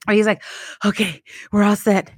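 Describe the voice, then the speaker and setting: A woman co-hosting a podcast, telling a family story in casual chat and mimicking her husband with expressive, laughing delivery. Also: medium pitch, moderate pace, slightly rough, no echo, studio quality. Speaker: podcast co-host.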